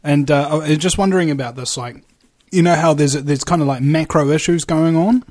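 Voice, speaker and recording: A man hosting a casual conversation, rambling and joking, with quick puns. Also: fairly high pitch, darkish tone, no echo, studio quality. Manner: jokey, rambling, puts on funny voices. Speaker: host.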